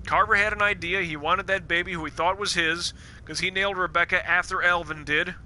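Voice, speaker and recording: Man, live game streamer, very bright voice, slightly high, rambling profane rants. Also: steady tone, fairly quick, slight background noise.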